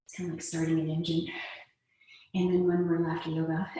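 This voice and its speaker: A woman's voice: sits low, mellow. A woman instructor leading an online yoga strength class, cueing each exercise with playful asides and laughs. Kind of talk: live online fitness class. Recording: echoey video-call audio from far off.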